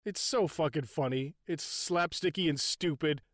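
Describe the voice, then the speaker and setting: A man in casual chat, excitedly retelling a film scene, swearing often and laughing as he goes. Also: a little high, moderate pace, no echo, clean studio sound.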